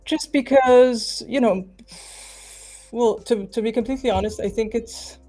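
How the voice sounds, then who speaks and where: A woman's voice: fairly high pitch, a little slow, warm tone, faint music behind. A woman talking as a guest on a video call, hesitant and thinking aloud as she answers. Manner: hesitant, many fillers and restarts, thinking aloud. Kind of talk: casual conversation.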